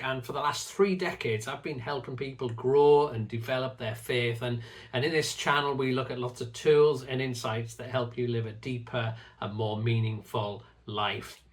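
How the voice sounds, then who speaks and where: A middle-aged man speaks earnestly to his viewers about faith and trust, in a voice of ordinary middle pitch. He talks in a reflective, teaching way and often doubles a word as he begins a thought. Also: fairly bright tone. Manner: earnest, repeats words when starting phrases. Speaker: faith teacher and channel host. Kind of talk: reflective talk to camera.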